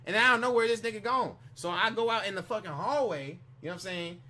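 A man casually telling a long, profane story as a vlogger, rambling with restarts and repeated "you know what I'm saying". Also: high-pitched. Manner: animated retelling with quick restarts.

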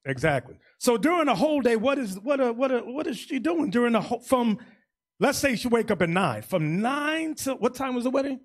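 A man preaching as bishop in an emphatic, loud sermon style. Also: very high voice, big pitch swings, brisk. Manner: loud, emphatic, shouting at peaks. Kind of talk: animated sermon teaching.

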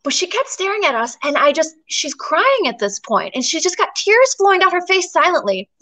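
A woman guest in an interview, telling a story in a chatty, animated way with plenty of fillers. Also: very high-pitched, normal speed, poor audio. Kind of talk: storytelling in conversation.

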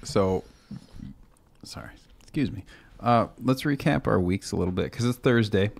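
Man, host, casual chat, low voice, gravelly, joking storyteller. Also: expressive, normal speed, darkish tone. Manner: laid-back, jokey storytelling with quoted voices. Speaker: podcast host.

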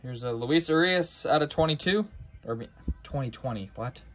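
A young man hosting a card break in a relaxed, casual way, reading player names off cards as he goes. His voice sits at a middle pitch and he stutters and restarts words now and then. Faint music plays behind him. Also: moderate pace.

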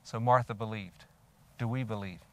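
A man's voice: lowish voice, fairly even intonation, normal speed, fairly bright tone. Earnest older man preaching a sermon. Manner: earnest and reflective, asks the listener direct questions; reads scripture aloud with rising emphasis. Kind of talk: sermon on a scripture passage.

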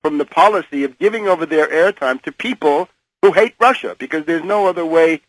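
An older man with a fairly high voice, talking as a guest on a radio show. He stops and starts, repeating words as he builds each critical point. The sound is dry and close, with no room around it. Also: a little fast, dry recording, rough recording. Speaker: guest commentator. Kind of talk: phone-in radio interview.

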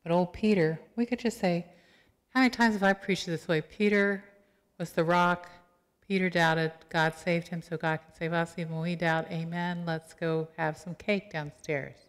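A woman's voice: on the low side, moderate pace, clear, resonant tone. Woman pastor preaching in a reverberant church. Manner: conversational, animated storytelling with quoted voices. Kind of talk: sermon. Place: church sanctuary.

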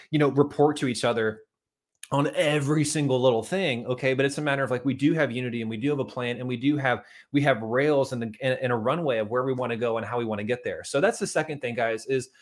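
A man's voice: medium pitch, quick pace. Male coach, upbeat motivational talk, chatty and direct, keeps addressing the audience. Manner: energetic, chatty, keeps saying "guys" and "okay". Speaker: marriage and money coach.

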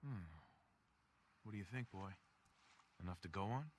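An actor voicing a steady wasteland survivor, the player's hero in a video game, speaking in a calm, matter-of-fact way. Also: male voice, lowish voice, moderate pace, slight background noise, close to an everyday voice.

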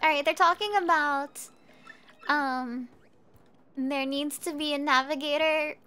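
A young woman streamer with a very high, bright voice chats with viewers while playing. She rambles, laughs easily and swears casually. Soft background music runs beneath her voice. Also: fairly even intonation, measured pace. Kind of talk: casual gameplay chat.

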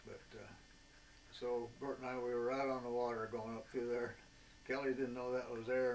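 A man in his eighties, a veteran being interviewed, reminisces about old war stories for an oral history, rambling in a folksy way and pausing often on filler sounds. His mid-range voice stays level and flat. He sits far from the mic, and the poor audio carries a faint background hiss.

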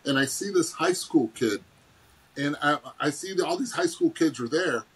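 A man's voice: moderate pace, slightly rough, low-quality recording. A middle-aged man, a former ballplayer, telling stories casually and acting out quotes with big jumps in his voice. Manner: animated, acts out quotes with big pitch jumps and laughs. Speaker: guest, former baseball player. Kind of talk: casual storytelling.

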